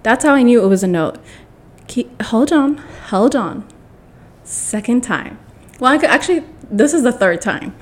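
A woman's voice: on the high side, moderate pace. Blunt, rambling young woman vlogger. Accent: mixed. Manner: rambling, blunt, animated storytelling with restarts. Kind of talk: casual storytime to camera.

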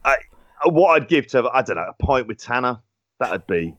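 A man's voice: mid-range voice, big pitch swings, moderate pace, fairly bright tone, no room sound, highs cut off. A man from London co-hosting a podcast, chatting casually with rambling, sweary banter. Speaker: podcast co-host. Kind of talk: casual chat.

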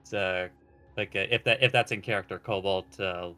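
A man playing a tabletop game, halting and full of fillers. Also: low-pitched, steady tone, sharp tone. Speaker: player.

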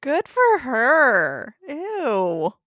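A woman's voice: high-pitched, huge pitch swings, extremely slow, a bit bright, no echo, studio quality. A woman co-hosting a podcast, reacting to a story with short remarks and laughs. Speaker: podcast co-host. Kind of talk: casual chat, reacting.

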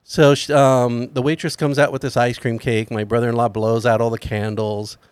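A man's voice: medium pitch, normal speed, clean tone, dry recording, clean studio sound. A middle-aged man casually telling a funny family story on a podcast, acting out the people he quotes. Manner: animated anecdote teller, acts out quoted voices. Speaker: podcast host.

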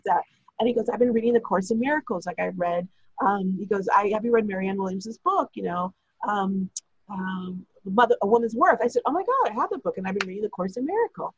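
Husky woman telling a winding story. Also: medium pitch, dry recording, dull audio. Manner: chatty, breathless retelling with quoted dialogue. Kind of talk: casual storytelling.

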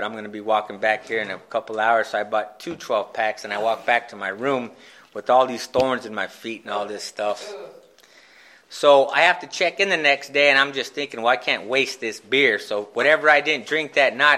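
A man telling his own recovery story in a candid, self-mocking way, with halting restarts. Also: medium pitch, pushed and bright, slight background noise. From Phoenix, Arizona, USA. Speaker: speaker sharing a recovery story. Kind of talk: personal storytelling talk at a recovery meeting.

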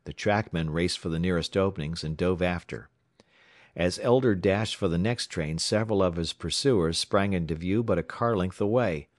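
A man from the United States narrating a story aloud in a dramatic, expressive way. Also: deep voice, moderate pace, no room sound, studio quality. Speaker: audiobook narrator. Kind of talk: scripted narration.

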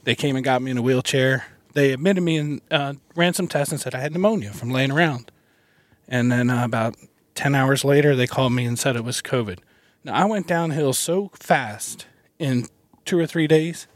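A man's voice: mid-range voice, normal speed, no room sound. A man in casual conversation, telling a personal story in an earnest, folksy way, recorded in a parked van. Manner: earnest, folksy, laughs between lines. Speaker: guest.

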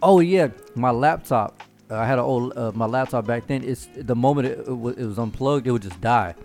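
A man's voice: medium pitch, fairly quick, darkish tone, faint music behind. A man, hosting and telling profane stories in casual chat, laughing often.

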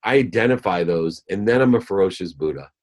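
Male guest, very low-pitched, motivational speaker who stacks phrases for emphasis. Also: animated, fairly quick. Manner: emphatic, lists ideas in rhythmic phrases; acts out voices when telling a story. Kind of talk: motivational talk.

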